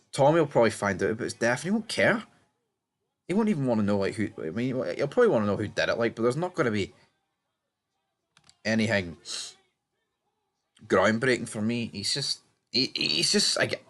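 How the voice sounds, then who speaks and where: A man casually recapping TV episodes, blunt and rambling, swearing freely and restarting sentences. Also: on the low side. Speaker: TV show reviewer.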